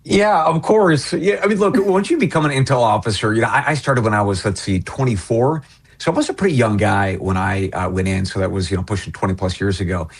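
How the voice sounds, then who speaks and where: A man in his forties, a former intelligence officer appearing as a guest, animated and joking as he talks. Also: on the low side, brisk, husky. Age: 40s. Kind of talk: casual chat.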